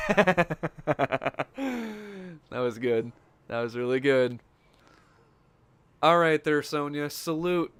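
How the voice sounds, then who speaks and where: A man streaming a fighting game, rambling through loose, joking commentary and reacting out loud to every hit. His voice sits a little high and comes through smooth and clear. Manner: rambling, jokey, reacting aloud to the match. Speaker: gaming streamer. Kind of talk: casual gameplay commentary.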